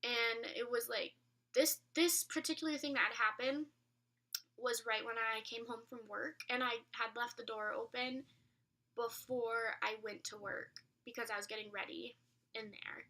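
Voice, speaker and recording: A young woman tells a story in a chatty vlog, her voice fairly high and very bright. She leans on fillers and sometimes sinks to a whisper. She sounds a little distant from the mic. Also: steady tone, normal speed. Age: young adult. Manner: chatty, filler-heavy, drops to a whisper at times. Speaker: vlogger. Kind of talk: casual storytelling.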